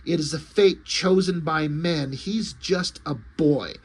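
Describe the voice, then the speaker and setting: A man reading the lines of a compassionate but stern adult male superhero, in a husky, fairly high voice. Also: takes it slowly.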